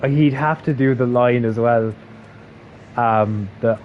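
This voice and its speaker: A man's voice: mid-range voice, takes it slowly, a little mellow, highs cut off, a little hiss or hum. A man with a Waterford Irish accent chatting casually and laughing as he streams a game. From Ireland. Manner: chatty, amused, laughs often. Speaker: streamer and voice actor. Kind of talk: casual live-stream chat while gaming.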